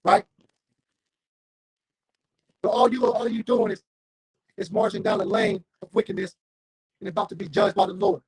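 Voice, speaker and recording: Gravelly guy preaching hard, high voice, dry close sound. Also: normal speed, long pauses, dry recording. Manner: preaching, fiery and confrontational. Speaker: street preacher. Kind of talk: street sermon with scripture reading.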